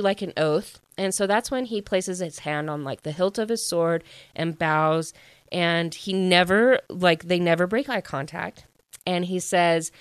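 A woman's voice: on the low side, a little slow, smooth, dry recording. Chatty woman gushing about a book. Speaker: book reviewer. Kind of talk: casual book recap.

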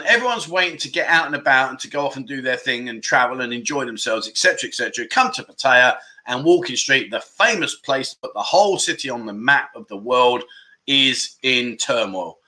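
Male livestream host, lively and swooping, bright sharp tone, rambling and jokey. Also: medium pitch, poor audio. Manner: animated, chatty, jokey, rambling. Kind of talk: casual livestream chat reading comments.

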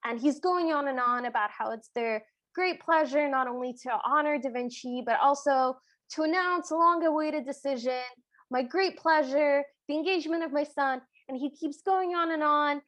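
A woman's voice: high-pitched, moderate pace, fairly bright tone. A woman co-hosting a podcast, retelling movie scenes in an enthusiastic, casual way. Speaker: podcast co-host. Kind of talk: casual movie recap chat.

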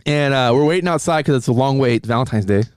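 A man's voice: mid-range voice, fast, a little mellow, clear, resonant tone, no room sound, studio quality. A man casually telling embarrassing dating stories, laughing often and swearing freely. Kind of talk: casual chat, storytelling.

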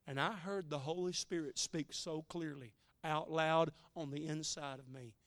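A man's voice: a little high, steady tone, unhurried, fairly bright tone, no room sound. Folksy, emotional male preacher. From United States. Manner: folksy, emotional storytelling with joking asides. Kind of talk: sermon.

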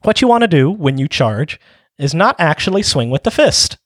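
A man's voice: fairly high pitch, sing-song, normal speed, no echo, clean studio sound. A man co-hosting a casual tabletop gaming podcast, walking through rules step by step with frequent ums. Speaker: podcast co-host.

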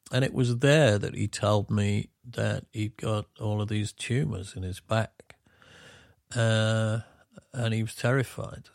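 A man's voice: fairly low pitch, gravelly, no room sound, clean studio sound. A middle-aged man with a Yorkshire accent, co-hosting a podcast and telling rambling, self-deprecating stories. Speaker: podcast co-host. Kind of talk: casual chat.

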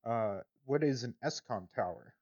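A curious spacefaring pilot, played by a man, asks dry questions in a middle-pitched voice. The audio is a little dull and lo-fi. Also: animated, moderate pace, darkish tone, natural voice. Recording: slightly muffled lo-fi audio.

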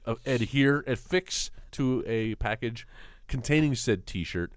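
A man's voice: medium pitch, lively intonation, dry recording, clean studio sound. A man co-hosting a casual podcast, joking around and drawing out hesitant phrases. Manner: jokey, drawn-out hesitant phrasing. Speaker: podcast co-host.

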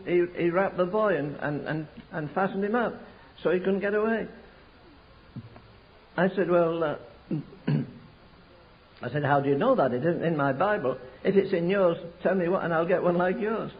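An older man preaching a sermon, telling stories slowly and rising to fervent pleas. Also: high-pitched. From England. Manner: storytelling with slow emphatic stretches, rising to fervent pleas. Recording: muffled lo-fi sermon recording.

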